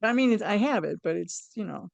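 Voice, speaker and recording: Gravelly-voiced woman host, dry sound. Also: medium pitch, expressive, no room sound, dull audio. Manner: candid, talks in quick bursts with blunt humor. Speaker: podcast host. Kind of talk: casual conversation.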